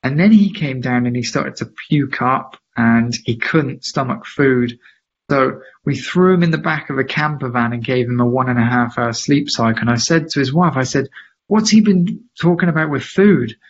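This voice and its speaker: A man, a podcast guest, telling a story with lively emphasis and acting out the voices of people he quotes. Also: mid-range voice, moderate pace, highs cut off. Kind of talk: animated storytelling in a podcast interview.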